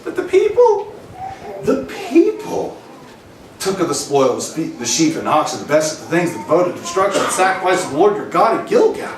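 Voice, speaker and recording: A man's voice: fairly high pitch, huge pitch swings, a little fast, a little hiss or hum. A man voicing a brash young king who makes breezy excuses, talking casually with slang and laughs. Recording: roomy hall, distant mic, faint ambience.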